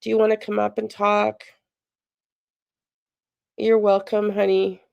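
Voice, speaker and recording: A woman's voice: medium pitch, flat delivery, takes it slowly, gravelly, a little mellow, dry recording, highs cut off. Chatty woman hosting a live stream. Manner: chatty, reads and answers viewer chat aloud; emotional, sympathetic. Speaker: livestream host. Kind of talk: casual live-stream chat.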